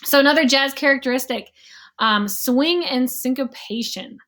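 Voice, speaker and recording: Woman music teacher, slightly high voice, casual, chatty, hums examples. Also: normal speed, fairly bright tone. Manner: casual, explains with sung and counted rhythms. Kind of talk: recorded online music lesson.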